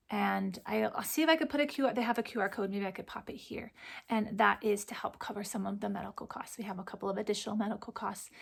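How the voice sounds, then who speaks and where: Woman chatting about her stitching, gentle and teary, slips into whispers, bit of vocal fry. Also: on the high side. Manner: soft, heartfelt, often dropping to a near whisper. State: emotional, near tears. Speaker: cross stitch channel host. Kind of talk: casual chat to camera.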